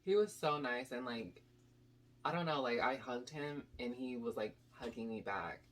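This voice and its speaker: A young woman telling a casual storytime to her channel, animated and rambling with lots of "like" and "basically". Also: a bass voice, moderate pace. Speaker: YouTube storyteller.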